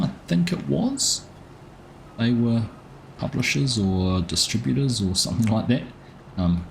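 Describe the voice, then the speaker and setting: Deep-voiced man chatting on a live stream. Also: slight background noise. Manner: chatty, greets viewers by name between gameplay remarks. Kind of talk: casual live-stream commentary.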